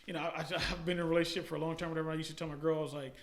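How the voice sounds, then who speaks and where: A man talks fast and animatedly, his voice high-pitched and bright. He tells stories in casual, slangy, profane chat as a podcast guest and laughs often. The room around him is echoey. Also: flat delivery.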